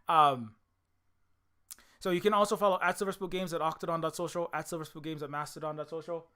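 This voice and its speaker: A young man with a slightly higher voice gives rambling commentary at a rush. He keeps restarting sentences and piling up fillers. He sounds like an indie game developer hosting his own channel. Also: steady tone, normal speed, pauses often, sharp tone, clear, resonant tone.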